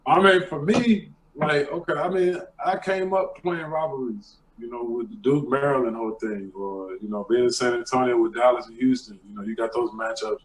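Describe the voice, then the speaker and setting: A man's voice: medium pitch, steady tone, moderate pace, few pauses, low-quality recording. A man, a former pro basketball player, talking casually and reflectively on a panel.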